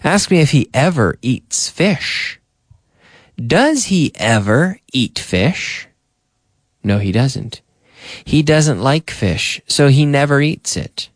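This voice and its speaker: A man's voice: mid-range voice, no room sound, studio quality. A man teaching English on a radio lesson. He drills words and phrases by repeating them, and he asks and answers his own practice questions. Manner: drills phrases with slow repetition. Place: radio studio.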